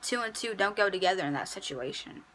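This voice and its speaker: A woman's voice: mid-range voice, animated, quick pace, a bit bright, low-quality recording. A young adult woman in a casual storytime, telling a petty workplace story in a chatty, sassy way. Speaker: vlogger.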